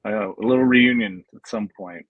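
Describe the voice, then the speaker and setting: A man chatting as a guest in a relaxed way, laughing often and filling pauses with "uh". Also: lowish voice, phone-quality sound, crowd noise. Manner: laid-back, laughs often, hesitant fillers. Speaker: guest, paranormal investigator. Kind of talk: casual chat. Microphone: video call.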